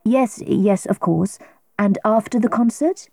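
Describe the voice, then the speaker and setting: A woman voicing a cool, probing male police inspector in a storybook reading, asking measured, clipped questions. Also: mid-range voice, gravelly, darkish tone, no echo. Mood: questioning.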